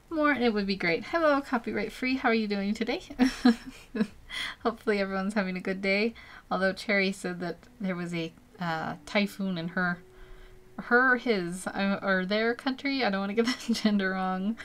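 A young-sounding woman talks loosely to her viewers while she draws. She giggles through her sentences and drifts from topic to topic, filling pauses with "um" and "uh". Her tone is relaxed and conversational, like an easygoing live stream. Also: mid-range voice, slight background noise. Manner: chatty and giggly, rambling with many fillers. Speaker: artist streaming a live drawing session. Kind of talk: casual live-stream chat while drawing.

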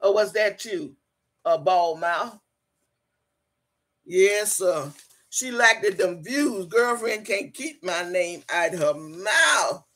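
A woman chats casually on her livestream and reads viewer comments aloud. Her voice is husky and bright. She teases playfully and stretches her hellos into a sing-song. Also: lowish voice, expressive. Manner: playful and teasing, laughs often, drawn-out sing-song greetings. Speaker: livestream host.

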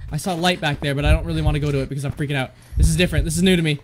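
A man with a high voice talks his way through a horror game, jumpy and quick to swear and yelp. He jokes with his viewers and scolds the game. Clear clicking noise sits under his home recording. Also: steady tone. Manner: jumpy, swears a lot, yelps and panics; jokey self-talk to viewers and the game. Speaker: gaming channel host.

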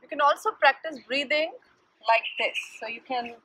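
A woman yoga instructor leading a mother-and-child yoga class, giving slow, gentle step-by-step instructions. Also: sits high, no echo, low-quality recording.

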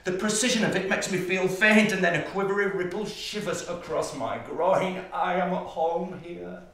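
An actor playing a menacing, order-obsessed psychopathic man in a stage monologue, slow and intense, dropping to whispers and bursting out loud. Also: sits high. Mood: fixated. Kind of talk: theatrical monologue. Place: theatre stage. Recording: distant, echoey stage recording.

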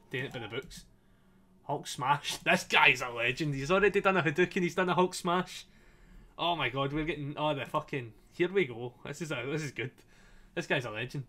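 A man with a high-leaning, bright, forceful voice, slightly strained, plays a story game live and comments casually. He jokes with his chat, laughs a lot, and swears freely, with faint game soundtrack music behind him.

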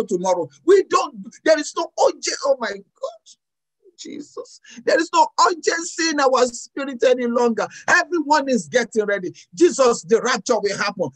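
A woman's voice: high-pitched, husky, low-quality recording. A woman pastor preaching and praying over a video call, impassioned, repeating phrases and often raising her voice. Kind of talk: fervent sermon and prayer.

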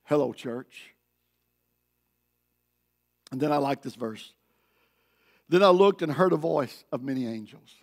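A man preaching a sermon as pastor, leading the congregation in call-and-response and building to loud, emphatic declarations. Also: medium pitch, expressive, unhurried, long pauses. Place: church sanctuary.

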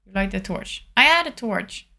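A woman's voice: mid-range voice, expressive, normal speed, gravelly, pushed and bright, a little hiss or hum. A woman live-streaming a video game, thinking aloud and answering her chat.

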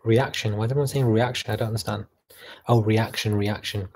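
Husky young man chatting on a livestream. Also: fairly low pitch, steady tone, a little fast, a little mellow. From Canada. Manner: chatty and mocking, reads comments aloud. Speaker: livestream host reading chat. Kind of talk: casual livestream chat.

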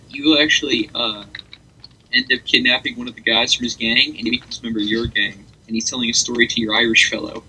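A young man chats on a casual podcast, wandering from story to story with plenty of energy. His voice is strikingly bright and edged with a husky rasp. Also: medium pitch, low-quality recording. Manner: rambling, animated storytelling with laughs. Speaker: podcast co-host. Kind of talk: casual chat.

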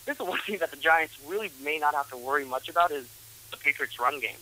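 Male co-analyst, bright forward tone, halting with fillers. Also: a little high, animated, low-quality recording. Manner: hesitant, many fillers and restarts. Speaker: sports analyst. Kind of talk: sports analysis chat.

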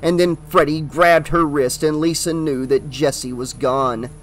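A man reading a horror novel aloud as an audiobook, with steady, dramatic narration. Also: on the high side, a little slow, slight background noise.

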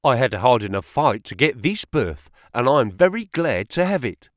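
A man's voice: mid-range voice, sing-song, moderate pace, no room sound, studio quality, lightly acted. A man voicing a young male clerk, eager and modest, giving plain, earnest replies in an audiobook reading. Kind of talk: audiobook character voice.

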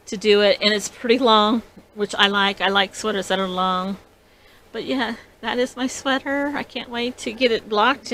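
A woman hosting a casual crafting vlog, chatty and excitable, rambling with frequent restarts. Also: medium pitch, vocal fry, slight background noise. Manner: bubbly and excitable. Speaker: podcast host.

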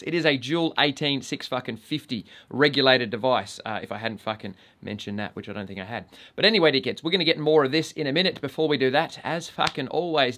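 Foul-mouthed Australian bloke reviewing gear. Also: male voice, fairly high pitch, fairly bright tone. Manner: crude, swears constantly, blokey banter. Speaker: vape reviewer and channel host. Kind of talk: casual vlog review.

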